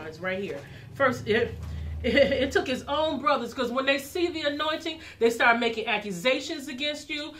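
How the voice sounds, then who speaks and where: A woman minister in full sermon, her voice high and bright. She preaches with passion, circling back over her phrases and building them up as she goes.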